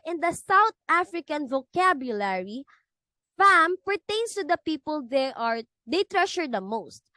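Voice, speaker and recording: A woman reads a lecture presentation from a script, catching on words now and then and restarting her sentences. Her voice sits high and moves through lively rises and falls. The sound is dry and close. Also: dry recording. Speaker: student presenter.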